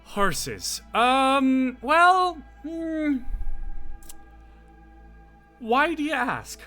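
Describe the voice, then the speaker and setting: A man voicing a brawny, cheerful female half-orc stable keeper in a tabletop game, friendly with drawn-out hesitations. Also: very high-pitched, sing-song, bright, forceful tone, faint music behind, pitched above the performer's own voice, exaggerated voice. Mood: shrewd.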